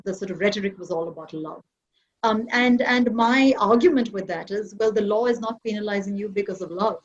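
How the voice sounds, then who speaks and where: A woman's voice: medium pitch, husky, highs cut off. A woman from Kerala, India, speaking on an online panel in a reflective, argumentative academic manner.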